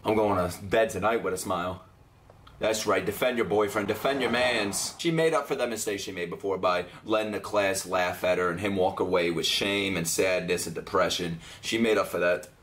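A young man reacting to an anime episode, loud and excitable, swearing and shouting at the screen. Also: low-pitched, normal speed, slight background noise. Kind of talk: live anime reaction commentary.

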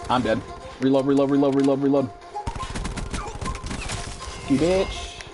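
Over background music, a streamer in his twenties takes an unhurried pace while commentating on a shooter, though his profane, excitable remarks still jump into high-pitched bursts.

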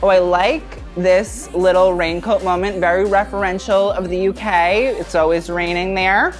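A woman's voice: on the low side, fairly even intonation, moderate pace, soft background music. A woman from the UK giving chatty, sassy fashion reaction commentary as a vlogger. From United Kingdom.

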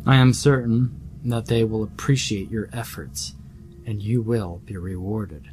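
A man voicing a cold, calculating male Nazi official, speaking quietly and condescendingly in an audiobook horror story. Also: lowish voice, a little slow, a little hiss or hum, natural voice.

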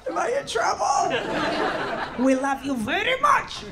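A high-voiced, swooping stand-up comic woman from the former Soviet Union, firing off brash punchlines and sudden shouts. She plays to a live room, and a loud crowd roars with laughter and noise around her. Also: very animated, unhurried. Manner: brash, shouting punchlines, mock-gentle asides. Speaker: stand-up comedian. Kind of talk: stand-up comedy set. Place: comedy venue with live audience. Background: audience laughter.

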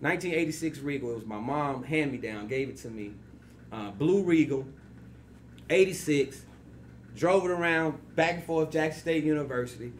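With a fairly high pitch and normal pace, a forty-something radio host shares casual stories as a podcast guest, animatedly impersonating the people he quotes. Slight background noise can be heard.

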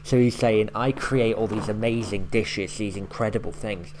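A man with a lowish voice talks through a reaction video in a loose, rambling way, filling gaps with "like" and "um" and swearing now and then. There is a faint hiss under his voice. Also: fairly even intonation, moderate pace, darkish tone. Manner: rambling, explaining lines with loose fillers and swearing. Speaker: YouTube reaction host. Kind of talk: casual reaction commentary.

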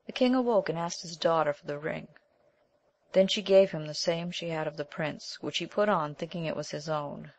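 A woman reads an old tale aloud as an audiobook narrator, with a measured, even delivery. Her voice sits on the lower side for a woman.

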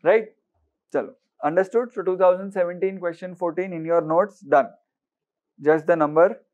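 Indian man teaching, high voice. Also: moderate pace, narrow, tinny audio. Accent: Indian English. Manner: questioning, mixes Hindi words, repeats for emphasis. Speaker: exam-prep teacher. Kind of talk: lecture to students.

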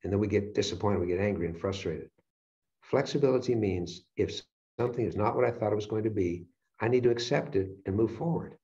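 A man giving a motivational lecture, telling stories and acting out his own reactions with lively energy. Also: fairly low pitch, fairly quick. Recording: dull lo-fi sound.

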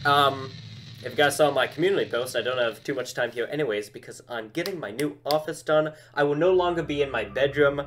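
A man's voice: medium pitch, a little fast, a bit bright. A young man, a YouTuber, chatting and thinking aloud as he plays a horror game in his bedroom. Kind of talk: let's-play commentary.

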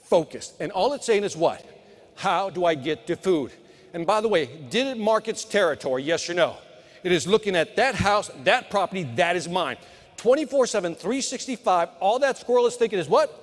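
A middle-aged man speaks from a conference stage in a high, punchy voice, firing sales advice straight at the audience. His words ring out with a long tail of reverb from the large hall. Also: animated, brisk. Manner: punchy motivational delivery, talks to the crowd. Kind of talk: live conference keynote.

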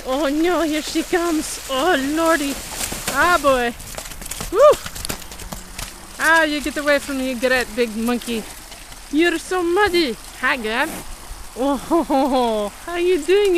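Woman, horse owner, unhurried cooing and exclamations outdoors, faint rain behind. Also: high voice, a bit bright, slight background noise, low-quality recording. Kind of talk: casual filming of her animals.

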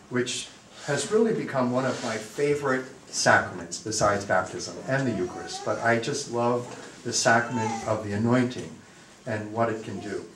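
A man, a priest, telling a self-deprecating funny story to a parish group in a lively, anecdotal way. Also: medium pitch. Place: church or parish hall. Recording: echoey, distant mic, faint room noise.

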